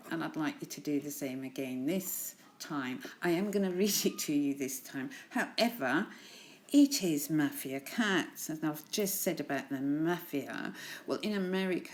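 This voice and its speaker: A woman teacher in a recorded lesson, reading poems aloud to her pupils and chatting about them in a friendly, encouraging way with frequent laughs. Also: low-pitched. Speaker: primary school teacher.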